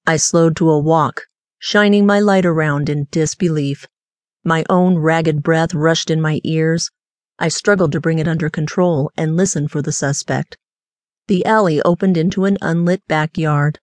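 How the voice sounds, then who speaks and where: A woman audiobook narrator with a fairly low voice reads in a steady, even way. The sound is close and dry, recorded on a studio microphone with no room echo. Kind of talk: scripted narration.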